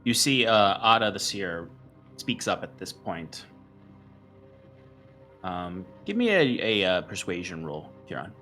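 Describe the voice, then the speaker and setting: Slow, lively-voiced man game master. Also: low voice, soft background music. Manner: relaxed, halting narration with fillers. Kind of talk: narrating a tabletop game.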